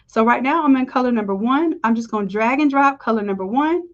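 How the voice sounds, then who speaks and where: A woman's voice: a little high, fast, highs cut off. Chatty woman teaching design live. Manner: chatty, upbeat, talks to viewers as y'all. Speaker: design instructor. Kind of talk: live screen-share tutorial.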